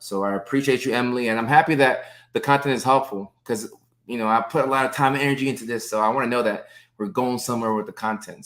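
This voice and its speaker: Upbeat man in his thirties hosting a live stream. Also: lowish voice. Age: 30s. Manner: upbeat, greets viewers by name, many fillers. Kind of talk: casual live-stream chat with viewers.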